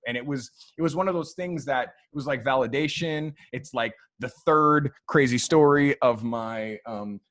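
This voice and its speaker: A man, a photographer, telling long stories in a relaxed interview, full of fillers like "um" and "like". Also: medium pitch, moderate pace, few pauses. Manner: loose, animated storyteller who acts out quoted people; frequent fillers like "um" and "like". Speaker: photographer guest. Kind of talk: storytelling in a podcast interview.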